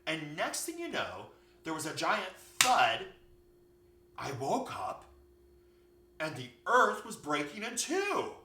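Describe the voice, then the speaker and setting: A man voicing a small, frightened male bunny who speaks in high, slow, alarmed exclamations. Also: wildly swooping pitch, sharp tone, a little hiss or hum, exaggerated voice. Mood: flustered. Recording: echoey room, far from mic.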